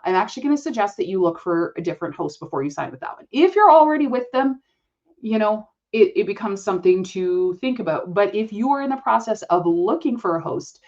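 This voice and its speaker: A woman's voice: mid-range voice, lively intonation, fairly quick, a little mellow, highs cut off. A woman hosting a business-coaching podcast, speaking directly and matter-of-factly to the listener. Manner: direct, matter-of-fact, talks to the listener as "you".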